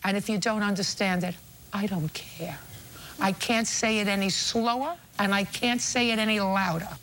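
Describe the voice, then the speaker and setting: A woman's voice: medium pitch, steady tone, moderate pace, fairly bright tone, slight background noise. Woman, TV courtroom judge: blunt, scolding, sarcastic. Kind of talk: courtroom judgment. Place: TV courtroom set.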